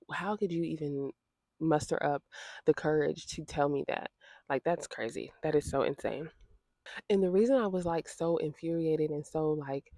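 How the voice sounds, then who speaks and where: A woman's voice: low voice, dark tone, no room sound. A woman vlogger telling a personal story in a direct, indignant and emotional way, often repeating her phrases for emphasis. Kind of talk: storytime vlog.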